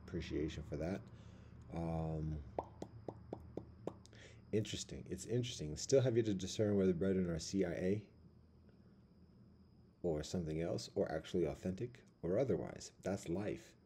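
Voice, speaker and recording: A man with a deep, mellow, slightly husky voice rambles casually from his seat at home. He drifts between thoughts, circles back with fillers and restarts, and leans on street slang. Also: moderate pace, pauses often. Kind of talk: casual monologue. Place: at home by a window.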